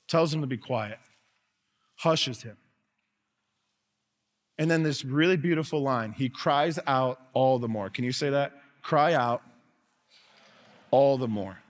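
A male pastor preaching from the front of a church, his voice sitting in a middle register. He talks earnestly, slowing down and going quiet, then lifting to loud calls. A long hall reverb trails after every line. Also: mid-range voice. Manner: earnest preaching, swings between soft and loud. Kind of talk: sermon. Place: church sanctuary.

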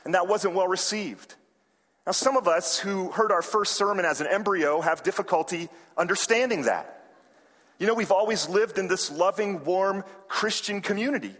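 High-pitched guy preaching, acts out the story bits, big echoey church hall. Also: moderate pace. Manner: animated, acts out quoted characters with raised voice. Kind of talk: sermon with storytelling. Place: large hall or sanctuary.

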